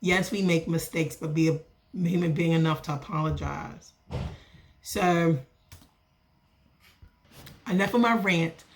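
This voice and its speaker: A woman, vlogging as a small business owner and telling a story in a casual, animated way. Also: measured pace, pauses often. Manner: animated, acts out other people's lines with lively pitch jumps. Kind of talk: casual storytelling rant to camera.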